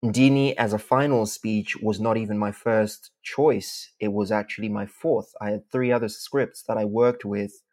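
A man from Zimbabwe, a speech contest champion, answering interview questions in a measured, articulate way with formal phrasing. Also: fairly low pitch, fairly even intonation, a little mellow.

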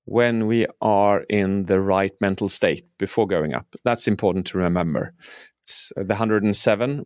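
A man's voice: lowish voice, no room sound, clean studio sound. A man who works as a speaking coach, explaining his methods earnestly in a conversational interview.

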